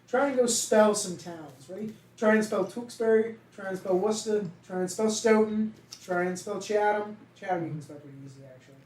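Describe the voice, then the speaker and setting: A man's voice: sits high, a little fast, darkish tone. Rambling young Boston man, echoey room. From Massachusetts. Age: young adult. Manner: rambling, swears casually. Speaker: podcast co-host. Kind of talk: casual chat. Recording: echoey room, mic at a distance.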